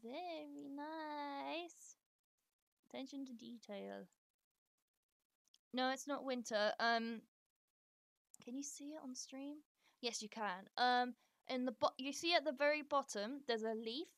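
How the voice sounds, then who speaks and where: Woman, live streamer, high voice, excitable, talks to her game characters. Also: a little slow, pauses often, dry recording, studio quality. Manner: excitable bursts of squealing. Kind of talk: casual gameplay commentary.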